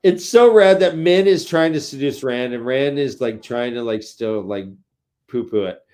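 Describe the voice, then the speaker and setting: A middle-aged man chatting casually on a book podcast, animated and acting out scenes with sound effects. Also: medium pitch, normal speed, a little hiss or hum. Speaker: podcast co-host. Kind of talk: casual book-discussion chat.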